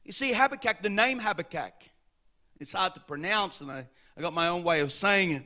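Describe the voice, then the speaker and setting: A man preaching a sermon as pastor, impassioned, swelling to shouts and dropping low, and calling the congregation to answer back. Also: expressive, brisk. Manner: calls for congregation responses.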